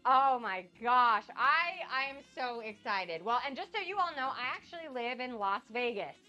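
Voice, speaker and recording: A young woman getting over a cold, chatting excitedly with viewers on her cooking live stream. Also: a little high, moderate pace, muffled recording, soft background music. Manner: bubbly, gushing and excitable. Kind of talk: casual live-stream chat.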